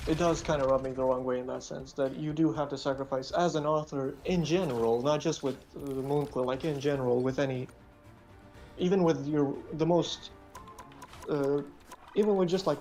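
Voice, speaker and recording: A man's voice: medium pitch, a little mellow. A man streaming, chatting casually about his writing, rambling with lots of fillers. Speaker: vtuber streamer and web novel author. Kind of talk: casual chat.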